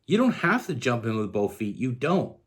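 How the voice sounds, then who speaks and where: A man's voice: mid-range voice, sing-song, moderate pace. A man from Canada giving a casual tarot love reading, earnest and rambling with frequent restarts. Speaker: tarot reader.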